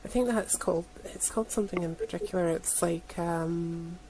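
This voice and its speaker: A woman guest in a casual chat, talking thoughtfully and hesitantly with many pauses. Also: on the low side, steady tone, dark tone, a little hiss or hum, rough recording.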